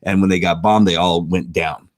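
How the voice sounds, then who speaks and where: Deep-voiced man telling a story. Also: normal speed, no room sound, clean studio sound. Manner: animated storyteller with frequent fillers. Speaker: podcast co-host. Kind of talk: casual chat.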